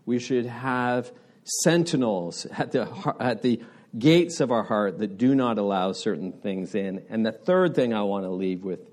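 Lively-voiced man preaching a sermon. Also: on the low side, a little slow. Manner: earnest, conversational preaching with rising emphasis. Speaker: pastor.

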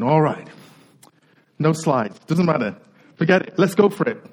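Breathless, high-voiced preaching man. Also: animated, poor audio. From United Kingdom. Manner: earnest preaching with repetition and slow emphatic phrases. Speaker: pastor. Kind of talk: sermon.

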